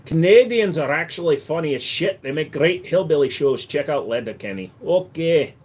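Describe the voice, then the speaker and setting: An American man hosts a casual livestream and banters with viewers. His pitch swings a lot, rising and falling as he jokes. He talks close to a desk microphone from a room at home. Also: animated, moderate pace, husky. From United States. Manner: joking, slips in and out of put-on accents. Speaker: livestream host.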